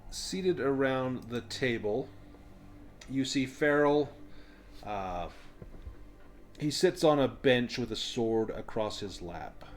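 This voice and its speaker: A man running a tabletop game as game master, explaining rules and narrating scenes in a relaxed way with frequent ums. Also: mid-range voice, takes it slowly, long pauses.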